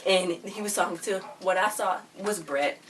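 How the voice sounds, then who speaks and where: A woman rambles excitedly through a casual recap of a TV episode, her voice sitting on the low side. She sounds set back from the microphone, with a faint hiss of background noise. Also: normal speed, far from the mic. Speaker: show recap vlogger.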